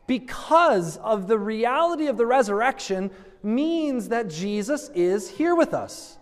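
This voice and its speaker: A male pastor with a high voice gives an earnest, conversational sermon. A long hall reverb trails his words. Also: big pitch swings, measured pace. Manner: conversational, earnest, rhetorical asides.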